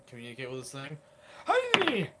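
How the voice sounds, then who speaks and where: A man playing a tabletop game, excitable and joking with the others. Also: medium pitch, normal speed, heavy background noise. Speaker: player.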